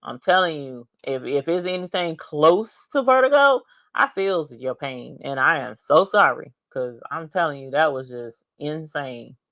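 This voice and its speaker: A woman hosting a casual craft livestream, chatting and greeting viewers by name with drawn-out exclamations. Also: sits low, expressive, fairly bright tone, dry recording, studio quality.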